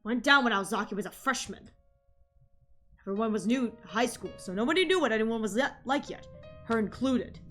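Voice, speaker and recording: A woman voicing a brash male high school vice president from a visual novel, pushy and teasing. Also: lively intonation, a little fast, a bit bright, soft background music. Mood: gossiping.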